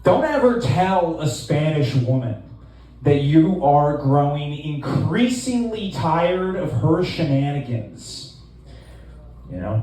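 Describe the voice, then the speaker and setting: A man in his twenties doing a stand-up set in a small club, deadpan and rambling, with lots of fillers. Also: a little high, slow, heavy reverb, recorded from a distance, slight background noise, poor audio. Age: 20s. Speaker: stand-up comedian.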